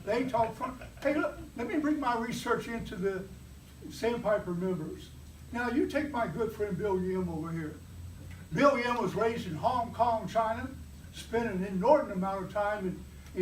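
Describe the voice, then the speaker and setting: A man giving a humorous prepared speech at a club meeting, playfully teasing the audience with mock examples. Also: high-pitched. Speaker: club speaker. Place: meeting room. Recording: roomy, from far off, faint background noise.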